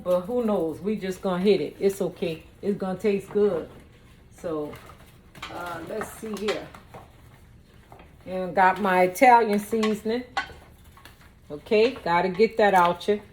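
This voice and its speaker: A woman's voice: mid-range voice, measured pace, long pauses, darkish tone, a little hiss or hum. A woman cooking in her home kitchen, chatting playfully and talking straight to her viewers. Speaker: home cook and vlogger. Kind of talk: casual cooking demonstration.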